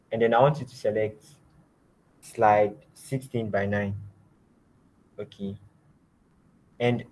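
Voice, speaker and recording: A man teaching a design lab, giving step-by-step software instructions and often trailing off quietly. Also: lowish voice, poor audio. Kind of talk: screen-share software tutorial.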